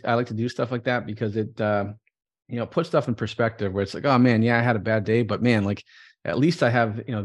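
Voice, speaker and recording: Fast-talking rambling male guest. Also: mid-range voice. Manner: rambling, many fillers and restarts, upbeat. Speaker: guest entrepreneur. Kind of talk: interview conversation.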